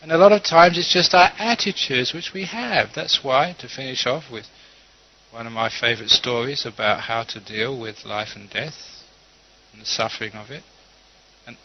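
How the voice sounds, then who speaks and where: A man, a Buddhist teacher giving a calm, storytelling dharma talk with gentle humor. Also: mid-range voice, a little hiss or hum. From London. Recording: dull lo-fi recording.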